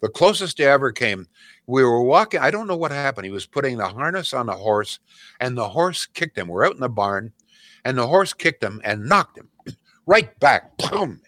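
An older radio host, with a mid-range, slightly bright, sing-song voice at a moderate pace, tells rambling family stories and laughs at them, then reads a live ad. The recording is dry.

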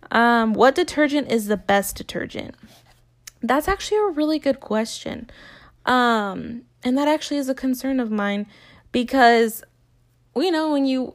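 A woman in her late twenties chatting candidly to her viewers, swearing freely and using lots of filler words. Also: on the high side. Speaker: vlogger. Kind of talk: casual chat to viewers.

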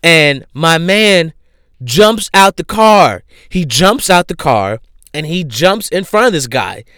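A man casually retelling a show he recommends, animated and full of fillers. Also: fairly high pitch, slow pace, clear, resonant tone, dry recording, studio quality. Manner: animated storyteller, many fillers.

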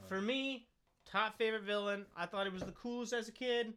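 A man's voice: high voice, steady tone, a little fast, fairly bright tone, slight background noise. A man co-hosting a comedy podcast in casual banter, riffing on silly wordplay. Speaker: podcast co-host.

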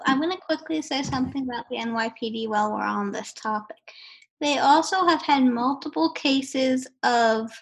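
A woman's voice: sits high, gravelly, husky, poor audio. A young woman on a college podcast panel, speaking directly in casual discussion.

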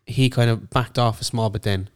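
A man's voice: mid-range voice, fairly even intonation, moderate pace, clean tone. A young man co-hosting a podcast, telling a story in casual chat, swearing freely and acting out what people said. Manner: swearing storyteller, acts out quotes. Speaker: podcast co-host.

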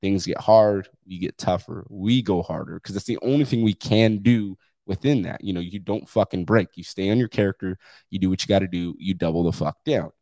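Male podcast host, deep low voice, blunt and profane, dry close sound. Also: brisk, mellow, dry recording. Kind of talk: candid solo podcast monologue.

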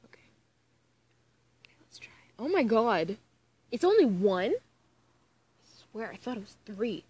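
A woman's voice: on the high side, sing-song, slow, mellow, breathy edge. A woman casually reading fan fiction aloud, breaking off with exasperated groaning asides about how much she hates it. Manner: groans and cringes between read passages.

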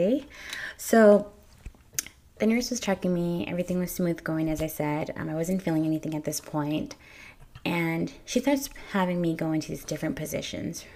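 Young mom talking to her viewers, lowish voice with lots of vocal fry, candid, repeats words. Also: slight background noise. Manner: candid, repeats words when emotional, addresses viewers directly. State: tearful at times. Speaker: new mother telling her birth story. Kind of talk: casual storytelling to viewers.

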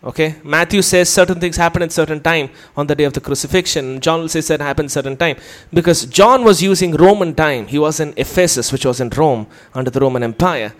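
A preacher with a high, light voice gives a teaching sermon, patiently explaining things point by point. He frequently turns to his listeners with a quick question.

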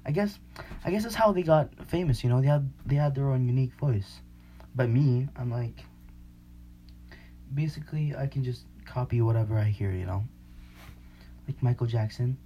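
A man's voice: medium pitch, normal speed, long pauses, dark tone, a little hiss or hum. A young man hosting a podcast in casual chat, slangy and rambling, often laughing. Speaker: podcast host.

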